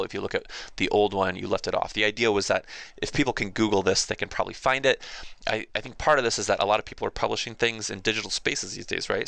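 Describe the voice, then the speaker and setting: A man teaching a casual, chatty lesson, quick and animated with playful asides. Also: fairly low pitch, gravelly, dry recording. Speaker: writing teacher.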